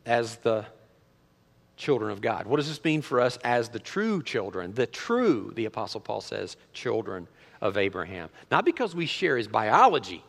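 A middle-aged man pastor preaching a sermon in a church, animated, full of rhetorical questions and restarts. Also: mid-range voice, gravelly, in a large hall. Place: church sanctuary.

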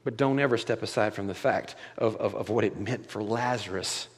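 A male pastor preaching a sermon, moving between hushed, quiet passages and loud, impassioned climaxes. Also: lowish voice, moderate pace, in a large hall.

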